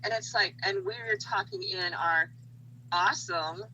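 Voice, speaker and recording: A woman's voice: medium pitch, a little slow, vocal fry, a little hiss or hum, low-quality recording. A woman guest in a casual video-call chat, a playful storyteller. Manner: playful storyteller, bright and lively.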